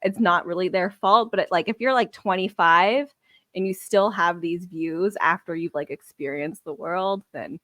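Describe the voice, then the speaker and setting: A woman's voice: fairly low pitch, normal speed, pushed and bright, no echo, studio quality. A woman co-hosting a podcast in casual chat, talking frankly with swearing and acting out what others said. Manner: frank, swears, quotes others in reenacted lines. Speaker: podcast co-host.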